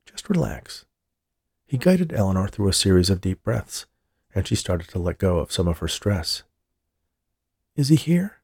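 A man reading a novel aloud as an audiobook narrator, in a steady, measured way. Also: deep voice, slightly rough, no echo, studio quality. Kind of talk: scripted narration.

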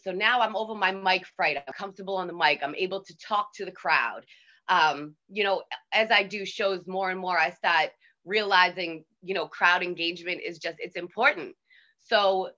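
A woman with a Boston accent, a DJ telling stories in a casual interview, animated and swearing freely. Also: medium pitch, highs cut off. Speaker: DJ guest.

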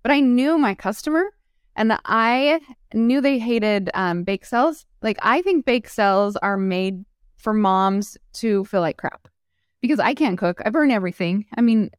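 With a medium-pitched, clear and resonant voice, she speaks unhurriedly as a guest entrepreneur on an interview. Chatting casually, she acts out the quotes in her stories and laughs frequently. The recording is dry and studio quality.

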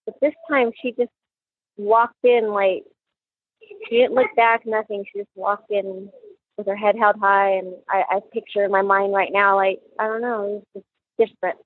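A woman's voice: medium pitch, fairly even intonation, no echo. Mother on a tinny phone line. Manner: halting, repeats words, quotes dialogue often. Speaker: mother recounting her daughter's last day. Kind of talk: personal account in a true crime podcast.

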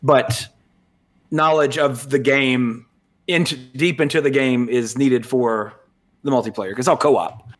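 A man's voice: mid-range voice, unhurried. Rambling man co-hosting a chat. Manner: rambling, many fillers and restarts. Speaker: podcast co-host. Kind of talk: casual chat.

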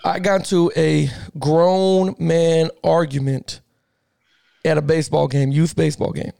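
A middle-aged man with a high, gravelly voice tells a story in a fired-up podcast chat. He keeps circling back in slang and laughs often. His voice is recorded dry and close. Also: flat delivery, a little slow, dark tone, dry recording. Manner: slangy, repeats himself. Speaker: podcast co-host. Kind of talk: casual sports podcast chat.

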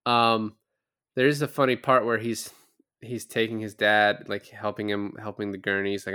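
A young adult man co-hosting a casual movie podcast, recapping scenes with lively, profane commentary. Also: fairly low pitch, moderate pace, clear, resonant tone. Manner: animated recapping with lots of swearing. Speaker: podcast co-host.

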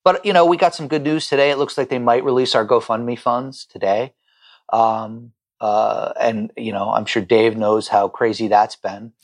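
A middle-aged man with a gravelly edge to his voice talks as a guest on a podcast call. He is heartfelt and keeps catching on repeated words when the feeling gets to him. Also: mid-range voice, steady tone, moderate pace. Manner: heartfelt, stammering repetitions when moved. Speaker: chef and restaurant owner, guest. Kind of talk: emotional podcast conversation.

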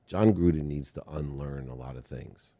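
A man's voice: very deep voice, moderate pace, warm tone. A middle-aged man from Ohio, hosting a podcast interview and telling rambling, earnest stories. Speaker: podcast host. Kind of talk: conversational interview.

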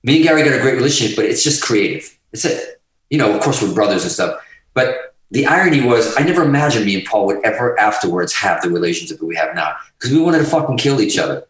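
A man guest telling a long profane story in casual chat, animated and rambling. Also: mid-range voice, quick pace. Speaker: podcast guest, musician. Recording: roomy, distant mic.

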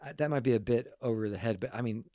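A man's voice: mid-range voice, fast talker, no echo, studio quality. Earnest man telling stories, stumbling over words. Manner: earnest, animated, with stumbling repeated restarts. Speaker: guest speaker on parenting and emotions. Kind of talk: casual storytelling talk to a group.

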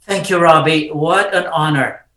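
An older man with a clear Romanian accent speaks fervently and deliberately, like a preacher telling his story. His voice sits high for a man and sounds bright and slow-paced. He is recorded in a roomy space with a noticeable echo. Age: around 60. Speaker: immigration lawyer and podcast guest. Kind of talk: passionate conversational storytelling.

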